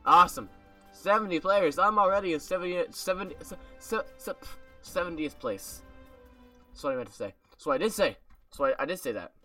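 Male gamer, very bright tone, joking let's-play banter in a put-on accent, a bit off-mic, faint music. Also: sits high, lively intonation, brisk, far from the mic. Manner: playful, joking, talks to viewers; puts on a made-up accent. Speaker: gaming video creator. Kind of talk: casual let's-play commentary. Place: home room.

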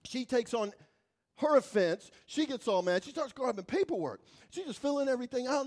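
Male guest preacher, very high voice, dramatic storyteller who swings from loud to hushed. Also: lively intonation, fairly quick. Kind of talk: sermon storytelling. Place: church.

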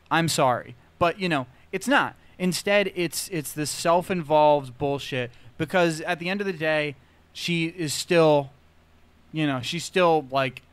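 In a casual movie review chat, a male podcast co-host rambles with lots of fillers and restarts. His slightly high, smooth voice has a fairly bright tone, recorded dry on a close mic with no room sound.

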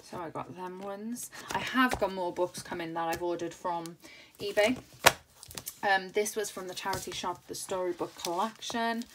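Speaking at normal speed in a fairly low voice, a crafting host in her thirties enthusiastically talks through her latest craft haul. Her chat is casual and rambling, full of fillers, captured in a noisy home recording.

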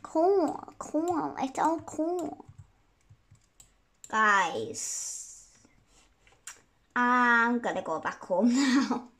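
A woman's voice: fairly high pitch, expressive, drawn-out words, pauses often, fairly bright tone. Giggly young girl narrating her gameplay. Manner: chatty, giggly, apologetic. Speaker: gaming YouTuber. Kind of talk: casual gameplay commentary.

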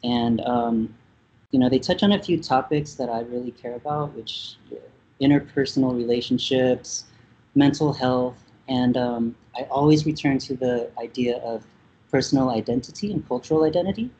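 Man from Vietnam in his thirties, warm mellow tone, reflective and halting, heard over a dull lo-fi call line. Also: medium pitch, slightly rough. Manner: thoughtful, hesitant with many fillers. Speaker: musician guest. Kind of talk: casual interview talk.

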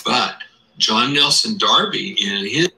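A man's voice: on the low side, lively intonation, slow pace, bright, forceful tone, roomy sound, poor audio. A man giving scripted video narration, explaining step by step with rhetorical questions.

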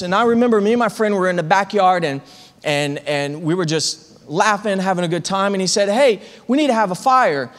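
A male pastor preaching a sermon as an animated comic story, often repeating words as he gets going. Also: high-pitched, long reverb tail. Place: church sanctuary.

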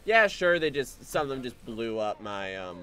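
A man's voice: medium pitch, very animated, moderate pace, a bit bright, clear, resonant tone, soft background music. A man giving casual, sarcastic commentary while he plays a game, swearing and breaking into goofy exclamations. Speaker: game streamer.

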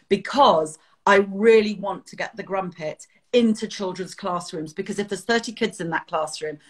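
A middle-aged English woman, a children's author, chatting as an interview guest and telling stories with animated energy and frequent laughter. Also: on the low side, breathy edge. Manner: animated storytelling, laughs often. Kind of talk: casual interview chat.

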